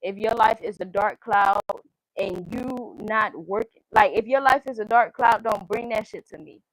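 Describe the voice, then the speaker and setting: A woman's voice: mid-range voice, moderate pace, no echo, rough recording. Woman, tarot reading, blunt, swears freely, chants card meanings, dry close sound. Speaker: tarot reader.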